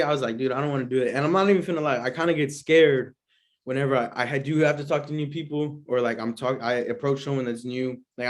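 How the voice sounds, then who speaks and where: A young man with a somewhat high voice tells a long story on his podcast. He rambles along with plenty of slang and fillers and often breaks into laughter. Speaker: podcast host. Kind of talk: casual storytelling.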